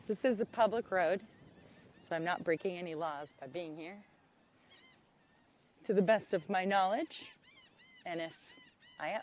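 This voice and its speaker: A woman hosting an outdoor livestream, talking excitedly into a handheld camera by a public road. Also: lowish voice, a little slow, long pauses. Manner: excitable, exclaims often. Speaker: livestream host.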